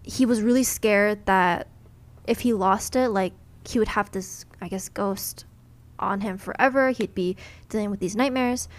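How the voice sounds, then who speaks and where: A young woman tells a ghost story on a podcast, talking casually and loosely, with plenty of fillers. Her voice sits at an ordinary middle pitch. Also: a little slow. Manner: chatty retelling full of "like" and "you know". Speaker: podcast co-host.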